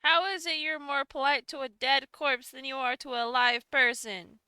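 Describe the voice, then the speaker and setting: High, bright, teasing woman player. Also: steady tone, no room sound. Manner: teasing, quick jabs, laughs often. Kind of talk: casual tabletop game chat.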